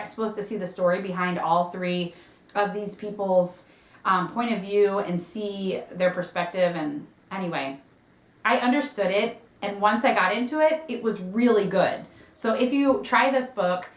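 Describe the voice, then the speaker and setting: A woman's voice: mid-range voice, reverberant. A woman chatting casually about books she read, rambling with fillers and restarts. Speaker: book vlogger. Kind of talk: casual chat.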